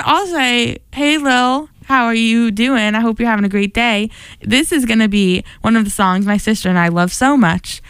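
A woman's voice: on the high side, smooth, no room sound. A young woman hosting a radio show, chatting casually and rambling between songs in a bubbly, enthusiastic way. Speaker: radio host.

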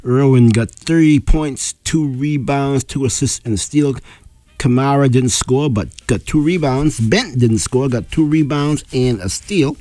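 A male local radio announcer losing his voice, reading sports scores on air in plain, unhurried fashion, clearing his throat now and then. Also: mid-range voice, dark tone, no room sound. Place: radio studio.

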